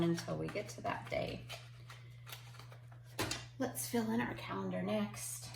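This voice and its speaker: A woman teaching kindergarten remotely from home, speaking slowly and patiently in simple words for young children. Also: mid-range voice, big pitch swings, gravelly, roomy sound, noisy background. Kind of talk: remote class lesson.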